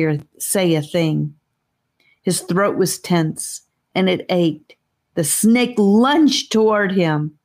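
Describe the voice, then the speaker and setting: A woman narrates a fantasy adventure chapter aloud with steady expression. Her voice sits low and her reading unfolds slowly and carefully. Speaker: audiobook reader. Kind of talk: audiobook narration.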